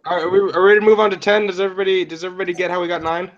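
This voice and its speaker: A man's voice: high voice, fairly even intonation, racing. Young man leading study group, raised voice. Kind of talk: casual group study chat on a call. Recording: dull audio with faint noise.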